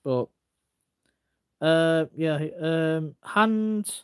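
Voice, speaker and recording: A man's voice: fairly high pitch, drawn-out words, clean tone. A man ranting casually on a livestream, rambling and repeating himself with stumbling restarts as he answers chat comments.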